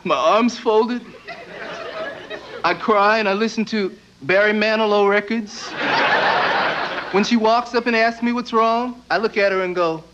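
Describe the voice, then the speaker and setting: A young man doing a stand-up comedy routine on a TV stage, with deadpan asides and quick silly voices. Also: high-pitched, background noise. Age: young adult. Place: TV studio stage before live audience. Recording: dull VHS broadcast audio with loud audience.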